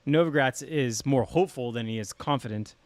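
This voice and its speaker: A man co-hosting a podcast in casual chat, talkative and quick to swear. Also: medium pitch, no room sound. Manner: chatty, laughs often, swears. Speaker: podcast co-host.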